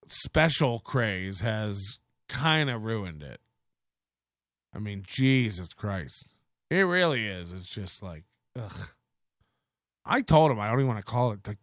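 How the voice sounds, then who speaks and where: Slow, rambling male podcast host. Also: mid-range voice, fairly bright tone, no echo, clean studio sound. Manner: rambling, self-deprecating, unhurried. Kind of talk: casual commentary over clips.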